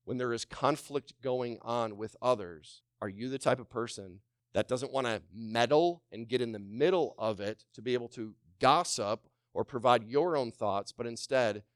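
Male pastor with a smooth, dry voice. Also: medium pitch, normal speed, no echo. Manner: calls on the congregation to respond; drops to a hushed voice for quoted gentle words. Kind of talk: sermon.

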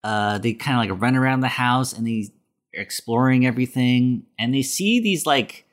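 A man's voice: mid-range voice, moderate pace. Rambling man recapping a film plot. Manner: rambling, many fillers and restarts. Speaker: podcast host. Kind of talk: casual chat, plot recap.

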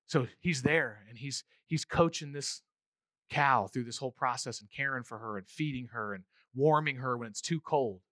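A male pastor preaching a conversational sermon, animated and acting out little voices as he goes. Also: medium pitch, moderate pace, dry recording, studio quality.

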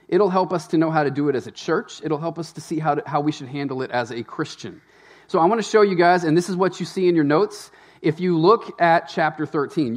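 Guy preaching a sermon, kinda high voice, chatty and animated, keeps checking in with the crowd. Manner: conversational, animated preaching with asides to the congregation. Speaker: pastor.

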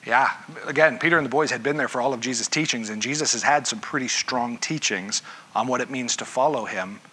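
A man's voice: medium pitch, fairly quick, sharp tone, slightly rough. A man preaching a sermon in a conversational way, often stopping to ask his listeners questions. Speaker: pastor. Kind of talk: interactive sermon.

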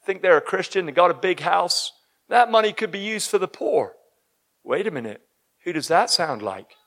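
A man preaching a sermon, emphatic and breaking into shouts at the high points. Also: expressive, moderate pace.

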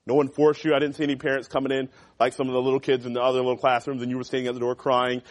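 In a church classroom full of teenagers, a man serving as youth pastor delivers a lively, conversational sermon. His mid-range voice comes rapid-fire, jumping from loud, emphatic lines to quiet asides.

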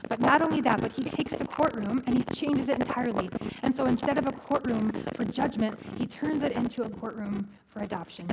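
A middle-aged woman pastor preaching a sermon in a conversational way, restarting phrases and adding humorous asides. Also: a little high. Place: church. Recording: loud background noise.

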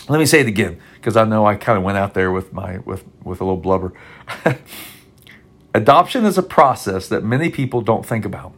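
A man preaching a podcast sermon, heartfelt and rambling with many restarts, audibly emotional and near tears. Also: lowish voice. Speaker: pastor.

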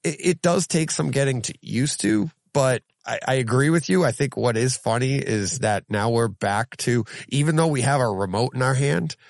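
A male podcast host in loose, casual conversation, with a gravelly rasp at the bottom of his voice. He tells stories with animated energy and mid-range pitch. The recording is dry and close. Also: normal speed, few pauses, dry recording. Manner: animated storyteller, lively when telling anecdotes. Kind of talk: casual chat.

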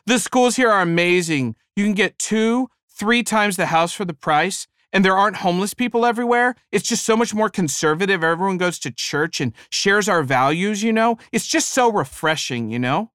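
A gushing, effusive churchgoing woman, as a man puts her on with a raised, sing-song voice. She sounds bright and eager, with a dry close sound. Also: high voice, animated, moderate pace, few pauses, clean tone, no echo, pitched above the performer's own voice. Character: gushing cheerful churchgoing woman, middle-aged.

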